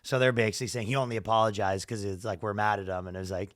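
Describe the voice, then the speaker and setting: A man's voice: fairly low pitch, fairly even intonation, very fast, a bit bright, no echo, clean studio sound. A man hosting a casual comedy podcast, rambling through stories with lots of swearing and laughing at his own jokes. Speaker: podcast host.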